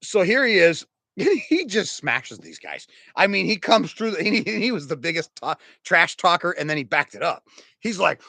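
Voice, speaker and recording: Animated storytelling preacher, man around fifty. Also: high voice, normal speed, vocal fry, no echo. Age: about 50. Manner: animated, conversational, chuckles through stories. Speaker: pastor. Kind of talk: storytelling sermon.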